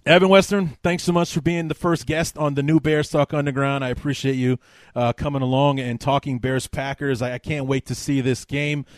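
A man hosting a sports podcast, telling stories in an animated, casual way with many fillers. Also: medium pitch, a little fast, no echo. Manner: animated storyteller, lots of fillers. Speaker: podcast host.

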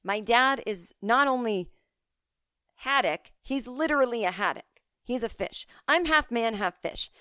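A woman's voice: on the high side, lively intonation, unhurried, pushed and bright, smooth, dry recording, pitched above the performer's own voice. A woman voicing a blunt, laid-back half-man half-fish guy who talks in a matter-of-fact, slightly annoyed way.

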